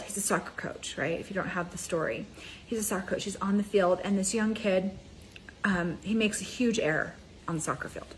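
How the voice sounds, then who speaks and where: A woman life coach giving an energetic, conversational motivational talk, speaking straight to her viewers. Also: medium pitch, slight background noise, low-quality recording. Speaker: mind ascension coach.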